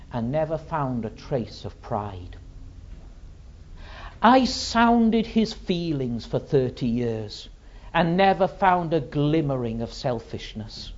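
A man voicing God the Father, solemn and slow. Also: a little high, big pitch swings, pitched above the performer's own voice. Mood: grave. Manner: solemn, repetitive cadences, swings from hushed to loud. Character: God the Father, solemn ancient male deity. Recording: dull lo-fi sermon recording.

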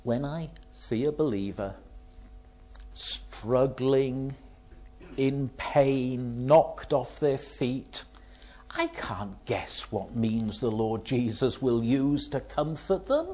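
A man's voice: mid-range voice, animated, slow, darkish tone. A man preaching a sermon, asking rhetorical questions and telling illustrative stories, in a dull lo-fi recording.

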